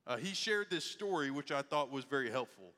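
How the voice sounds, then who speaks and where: A man's voice: mid-range voice, lively intonation, fairly quick, pushed and bright. A man preaching a sermon, telling a story animatedly and acting out the voices of the people in it. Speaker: pastor. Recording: echoey hall with long reverb.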